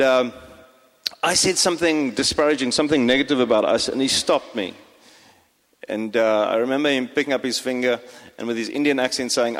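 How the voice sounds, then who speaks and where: A pastor giving a sermon to his congregation, talking with frequent fillers and restarts. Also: medium pitch. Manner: hesitant, many fillers and restarts. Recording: long hall reverb.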